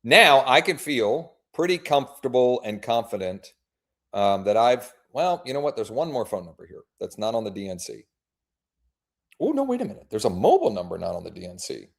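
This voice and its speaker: A man's voice: medium pitch, sing-song, fairly quick, vocal fry. A man who works as a real estate agent, running a live workshop and making friendly, informal phone calls to leads.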